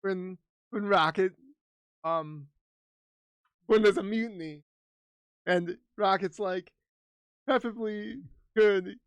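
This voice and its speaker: A young man with a notably high voice, cutting in with short, dry jokes during a casual podcast chat. The sound is close and dry, with no room echo. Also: takes it slowly, long pauses, clean tone. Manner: wry short interjections, jokey. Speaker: podcast co-host.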